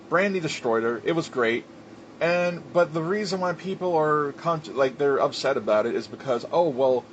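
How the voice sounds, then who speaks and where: A man's voice: medium pitch, slight background noise. Heated, profane man ranting about wrestling. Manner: filler-heavy with restarts. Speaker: wrestling commentator. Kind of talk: ranting commentary.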